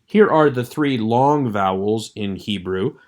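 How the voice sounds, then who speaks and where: Male instructor, lowish voice, measured lecture delivery, slows to demonstrate pronunciations. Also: expressive. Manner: measured, explanatory, slows to model vowel sounds. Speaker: Hebrew instructor. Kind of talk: recorded lecture.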